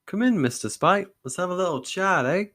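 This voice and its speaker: Hostile doctor, played by a man, vaguely Canadian, teeth-gritted false politeness, pitched up. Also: lively intonation, moderate pace, fairly bright tone. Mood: sneering. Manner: sneering, mock-polite through gritted teeth. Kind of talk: dramatic story reading.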